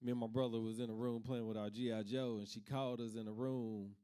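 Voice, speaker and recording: A man's voice: mid-range voice, flat delivery, quick pace, warm tone, smooth. A man from Kentucky doing stand-up, telling laid-back family stories and laughing at his own jokes. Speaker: stand-up comic. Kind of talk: stand-up comedy.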